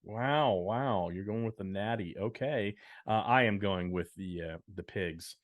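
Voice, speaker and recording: A man's voice: lowish voice, measured pace, no room sound. Man co-host calling out football picks. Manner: upbeat, announcing game picks with dry asides. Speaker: podcast co-host. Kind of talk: casual sports-picks chat.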